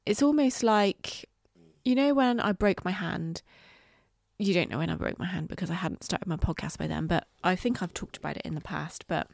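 A middle-aged woman hosting a solo podcast, talking candidly and reflectively, halting with fillers and the odd swear word. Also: fairly low pitch, vocal fry, a little mellow, no room sound, clean studio sound. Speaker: podcast host. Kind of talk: casual solo podcast monologue.

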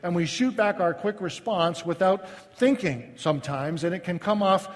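A male pastor delivers a sermon in a high voice, chatty and self-deprecating, often halting and restarting his phrases. A long reverb makes his words ring out as if in a large hall.

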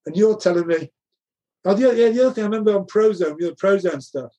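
A middle-aged male guest tells animated stories from his coaching career, laughing often and performing the dialogue he quotes. His voice is high, fast and warm, though the audio sounds dull.

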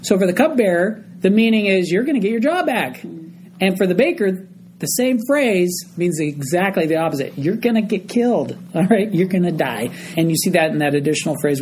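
A man's voice: high voice, animated, fairly quick, a little mellow, slight background noise, rough recording. A man teaching a group Bible study, explaining a passage verse by verse and often checking in with his listeners.

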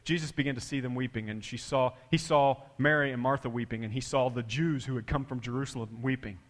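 A man preaching a sermon with big swings in loudness and pitch, dropping to a hush for quoted words. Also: steady tone, fast talker, in a large hall. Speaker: pastor.

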